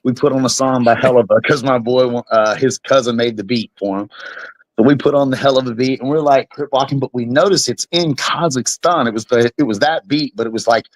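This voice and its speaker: A young man, a bare-knuckle fighter, spins a tale as an interview guest, loose and profane, with his voice sitting mid-range for a man. The sound is dry and close, with no room around it. He tells it as a casual story, animated from start to finish. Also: mid-range voice, fairly quick, no echo, low-quality recording.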